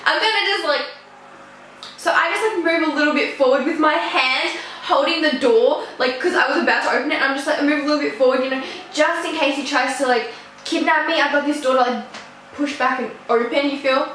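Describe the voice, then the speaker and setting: Teen girl rambling thru a story, lots of "like", sharp bright voice. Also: sits high, a little fast, a little hiss or hum. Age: teens. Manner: chatty, rambling, full of "like". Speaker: vlogger. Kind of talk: casual storytime. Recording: echoey room.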